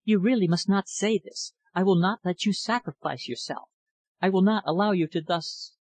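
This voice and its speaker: A man voicing a desperate young woman, husky and shrill. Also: normal speed, no room sound, rough recording. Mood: pleading. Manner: pleading, intense, breaking into high cries. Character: anguished young woman hiding a dark secret.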